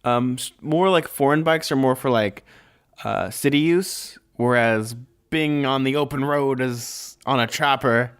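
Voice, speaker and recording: A man's voice: medium pitch, measured pace, smooth. Easygoing man joking on a podcast. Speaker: podcast co-host. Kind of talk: casual chat.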